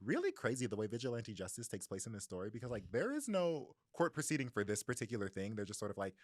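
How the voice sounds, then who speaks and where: A young man co-hosting a book podcast, retelling a story in a lively, chatty way with quick asides and little voices for the people in it. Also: fairly low pitch, no room sound, clean studio sound. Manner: animated storytelling with voices and laughs. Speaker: podcast co-host. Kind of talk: casual book-club chat.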